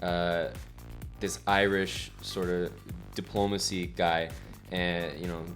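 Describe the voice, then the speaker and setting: A low-voiced man hosts a chess stream in a relaxed, joking chat. He trades quick banter and laughs often. Soft music plays behind him. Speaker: stream host.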